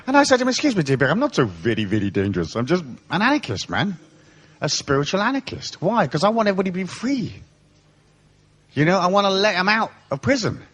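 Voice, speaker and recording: A man's voice: high-pitched, sing-song, fast talker, a bit bright, breathy edge. A man giving a live seminar talk to an audience, irreverent and playful, swearing freely as he tells stories. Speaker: seminar speaker.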